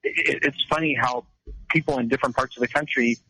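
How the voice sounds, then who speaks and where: A man's voice: mid-range voice, steady tone, a little fast, bright, forceful tone, husky, low-quality recording. A man from California chatting casually on a radio talk show, rambling with many restarts. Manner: chatty, lots of restarts and laughs.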